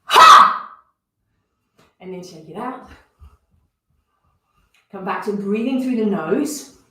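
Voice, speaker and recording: A woman's voice: medium pitch, lively intonation, slow, a little mellow, far from the mic. A woman leading a guided movement and breathing class, calling out each movement and breath cue as she goes. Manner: instructive, counting out movements and breath cues. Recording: very echoey room, voice from off the mic.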